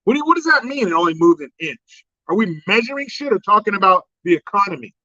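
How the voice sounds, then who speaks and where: A man ranting sarcastically through a profane political monologue. His voice runs high and sharp. It is recorded dry with a slightly dull, lo-fi tone. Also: very animated, quick pace, no room sound. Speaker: host.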